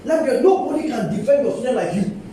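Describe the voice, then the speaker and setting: A man's voice: very high-pitched, expressive, fast talker, mellow, slight background noise. An older man with a Nigerian English accent giving an emphatic seminar talk, repeating key phrases and coaxing the audience. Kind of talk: lively seminar lecture to colleagues. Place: university lecture hall. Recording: echoey hall from a distance, faint ambience.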